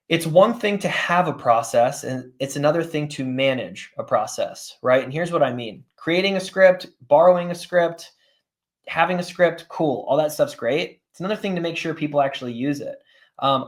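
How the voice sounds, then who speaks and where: A man teaching a live coaching session in a somewhat high-pitched voice. He speaks plainly and casually, leans on everyday examples, and keeps asking "right?" to pull his listeners along. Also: normal speed. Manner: conversational, often checks in with "right?" and "guys". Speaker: sales coach.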